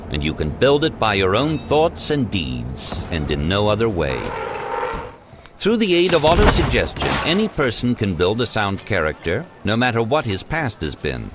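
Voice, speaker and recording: A man narrates an old self-help text, his lowish voice rising and falling with lively emphasis. The reading is measured and deliberate, pressing on key words. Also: noisy background.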